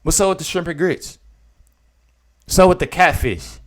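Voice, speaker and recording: At a moderate pace, a young man remarks casually on a video clip. His disbelief shows as he veers from loud outbursts to low mutters.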